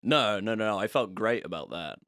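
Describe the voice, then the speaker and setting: Bright, lively man, giggly. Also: on the low side, a little fast, no room sound, studio quality. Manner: candid, giggly storytelling. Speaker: podcast guest. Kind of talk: casual comedy chat.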